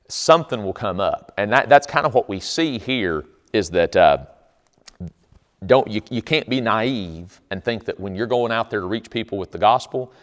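A man preaching a sermon, telling stories in an emphatic, conversational way. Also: fairly low pitch. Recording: long hall reverb.

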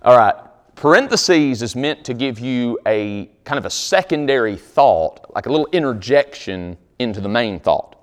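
A male pastor delivers a sermon in a loose, conversational way. His pitch rises and falls a lot as he jokes with the congregation. He slips into reading scripture aloud between his remarks. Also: expressive, normal speed.

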